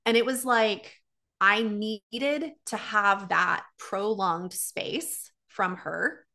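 Woman, 30s, clear bright tone, frank lively storyteller who voices past conversations. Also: medium pitch, drawn-out words. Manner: candid, animated retelling with quoted dialogue. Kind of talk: personal storytelling monologue.

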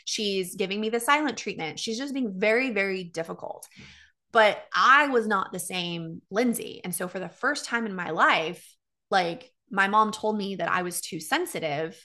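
Bright-voiced woman telling a personal story. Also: medium pitch, normal speed. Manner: candid, animated retelling with quoted dialogue.

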